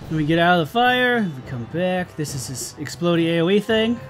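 A man narrating his own gameplay in a casual, profane running commentary, his voice swinging widely up and down as he grows exasperated. His pitch sits a little high for a man, and faint game music plays underneath. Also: lively intonation, a little fast. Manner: swearing, exasperated, talks to the game. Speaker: let's play gamer.

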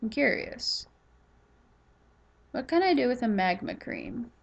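A woman's voice: on the high side, big pitch swings, slow pace, creaky. A woman giving casual, rambling gameplay commentary while tired and yawning, chatting to herself as she plays. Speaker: gaming YouTuber.

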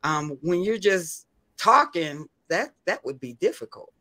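A woman hosting a casual talk show, chatty and quick to jump in. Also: on the low side, sing-song, pushed and bright, dry recording. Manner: chatty, interjecting host.

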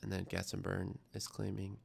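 Young guy reading chat on his science stream, kinda low and gravelly, rambly and self-deprecating. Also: completely flat delivery, moderate pace, darkish tone. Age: young adult. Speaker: livestream science show host. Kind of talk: casual livestream chat.

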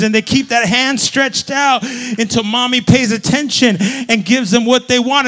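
A middle-aged male pastor with a high, ringing voice preaches in a church. He calls to the crowd for a response, then climbs to fervent shouts. His tone stays bright and forward. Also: fairly even intonation, moderate pace. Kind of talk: sermon. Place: church sanctuary.

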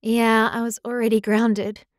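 A woman reads an audiobook character, a clumsy, chatty, impulsive young werewolf girl, in an excited, quick, apologetic way. Her voice is a little high and natural-sounding, with clean studio sound and no echo.

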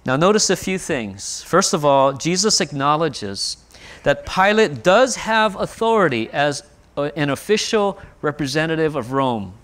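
A pastor preaching a sermon, explaining scripture with rhetorical questions and rising emphasis when quoting. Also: male voice, a little high, animated, measured pace, fairly bright tone.

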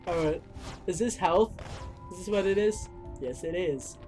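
A man's voice: sits high, measured pace, faint music behind. A man hosting a let's play, commenting on his gameplay and yelping at the action. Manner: excitable, shrieks and yelps at the game.

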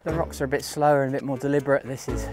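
A man's voice: medium pitch, steady tone, racing, a little mellow, faint music behind. A man talking casually to the camera while hiking outdoors on a mountain trail, thinking aloud and joking at his own expense. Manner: chatty, thinking aloud, self-mocking. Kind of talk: casual walking vlog.

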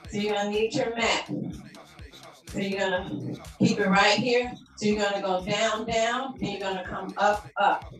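A woman's voice: mid-range voice, fairly even intonation, normal speed, distant mic. A woman fitness coach leading a workout class, upbeat and encouraging as she calls out the moves. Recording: roomy echo, from off-mic, faint music.

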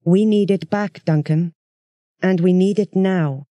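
Soft cottony alien rat king done by a reader, slow, menacing, storybook tale, mellow tone, dry sound. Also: mid-range voice, dry recording, close to an everyday voice. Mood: coldly calm. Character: soft-voiced ancient rat-like alien ruler, cold. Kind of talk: storybook audiobook acting.

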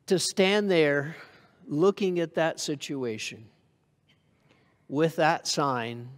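A man's voice: mid-range voice, long reverb tail. A man preaching a sermon to a congregation in a conversational way, often asking them questions. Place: church hall.

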